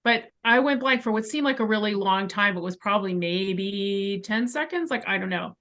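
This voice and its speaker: A woman guest, a clairvoyant, telling a personal story in a conversation, animated and full of emphatic asides, speaking from a bedroom at home. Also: medium pitch, moderate pace.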